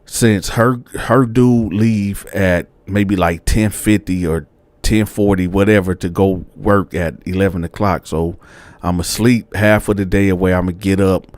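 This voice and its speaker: A man's voice: sits low, a little slow, no room sound. A man casually telling a story to his viewers in slangy, colloquial speech, addressing them as y'all. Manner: animated, addresses audience as y'all. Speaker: storyteller host.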